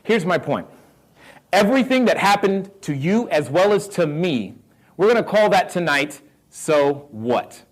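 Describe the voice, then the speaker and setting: A man's voice: high-pitched, normal speed. A man with a Southern American accent giving a live motivational talk on real estate, quizzing the audience and repeating his key lines. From North Carolina roots. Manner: energetic, asks the crowd questions, repeats key lines.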